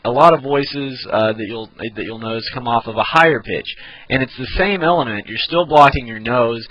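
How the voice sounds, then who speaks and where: A man giving a casual video lesson on cartoon voices, relaxed and full of ums and uhs. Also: mid-range voice, moderate pace, highs cut off. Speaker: voice impression tutor.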